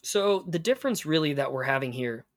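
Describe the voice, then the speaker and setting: A man teaching conversational Spanish, patiently explaining and modeling phrases slowly. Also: on the high side, lively intonation, dry recording, clean studio sound.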